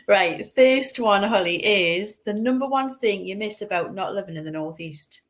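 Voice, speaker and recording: A woman with a Northumbrian accent co-hosting an interview, casual and laughing. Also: mid-range voice. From North East England. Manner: slow, lively, laughing. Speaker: podcast co-host.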